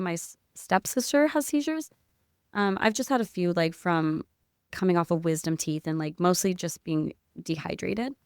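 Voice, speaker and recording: A woman guest on a podcast, telling a story in excitable casual chat with lots of "like" and spiritual talk. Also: fairly low pitch, clean tone, no room sound, clean studio sound.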